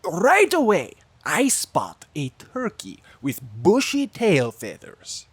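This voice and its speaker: A woman reading a children's storybook aloud in a playful, animated way. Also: fairly low pitch, slow pace, breathy edge. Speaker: storybook reader. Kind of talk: expressive read-aloud narration.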